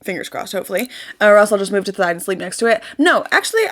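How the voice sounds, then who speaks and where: A woman's voice: mid-range voice, animated, very fast, a bit bright. A young woman hosting a casual self-help vlog, chatty and upbeat with lots of fillers, speaking into a desk mic. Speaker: host.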